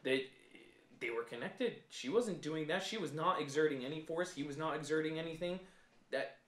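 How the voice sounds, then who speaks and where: A man co-hosting a casual fan podcast, laying out his points step by step in an animated, argumentative way. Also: a little high, normal speed, roomy sound. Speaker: podcast co-host.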